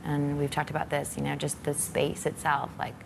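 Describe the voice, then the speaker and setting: A woman's voice: sits low, completely flat delivery, normal speed, vocal fry. A woman whose father was a patient, speaking thoughtfully in an interview with hesitant fillers. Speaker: daughter of a patient. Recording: noisy background.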